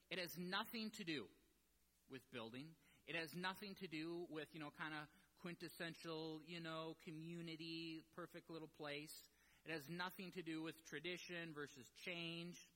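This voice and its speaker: A man preaching a sermon, telling a personal story with animated, self-deprecating asides before turning to teaching. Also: a little high. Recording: long hall reverb.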